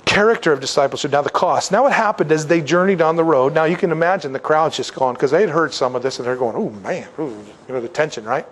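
A man's voice: fast talker, hardly any pauses. A male pastor preaching a sermon in a conversational style, acting out the voices of the people he quotes. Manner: conversational preaching, acts out quoted voices, wide swings in pitch and loudness.

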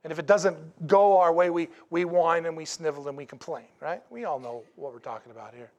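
A man preaching a sermon in a folksy, animated way, with asides to the congregation. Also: fairly high pitch, a little fast, dull audio. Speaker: pastor.

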